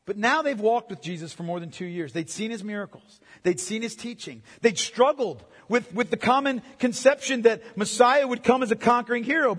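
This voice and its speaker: A man preaching a sermon as pastor, emphatic, swinging from loud declarations to hushed, intimate passages. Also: extremely high pitch, in a large hall.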